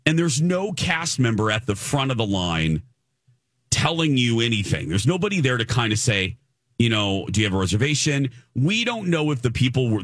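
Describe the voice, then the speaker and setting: A man's voice: mid-range voice, dry recording, studio quality. A man hosting a podcast, telling a story in a casual, emphatic and indignant way. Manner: animated, emphatic, indignant retelling.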